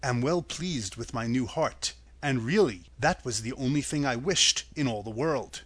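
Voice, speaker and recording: A man voicing a gentle, tender-hearted male tin man in a soft, low voice. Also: lively intonation, moderate pace, slightly rough, no echo. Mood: sorrowful.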